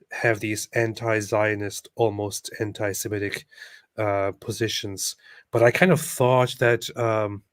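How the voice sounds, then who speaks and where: A man's voice: lowish voice, dry recording, studio quality. A man co-hosting a casual livestream, reading viewer comments aloud and laughing often.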